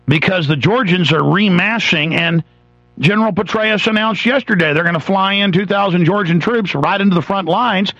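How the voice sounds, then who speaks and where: Male talk-radio host, gravelly, fired-up rant, dry dull broadcast sound. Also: high-pitched, moderate pace, a bit bright, no echo. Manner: angry, sarcastic, mocking voices of others. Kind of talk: ranting political talk radio monologue.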